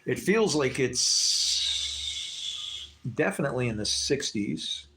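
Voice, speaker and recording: A man with a gravelly, fry-laced voice talks off the cuff on his live stream. His pitch swings widely as he wanders from one thought to the next. He curses casually and chuckles under his breath, and a faint hiss sits under the talk. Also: animated, slow, bright, forceful tone. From United States. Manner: rambling, profane, laughs between thoughts. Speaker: livestream host. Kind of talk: rambling live-stream monologue.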